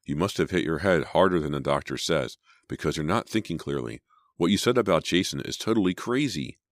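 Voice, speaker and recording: A flustered, defensive teenage girl, protesting and pleading, as a man with a very deep voice puts her on. The reading is dry and close, her pitch lifted above his own. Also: animated, fairly quick, dry recording.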